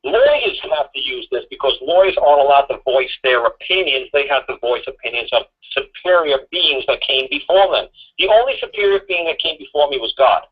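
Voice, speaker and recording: A man's voice: mid-range voice, animated, brisk, breathy edge, narrow, tinny audio. A man hosting a casual talk radio show, rambling and laughing as he acts out what others might say.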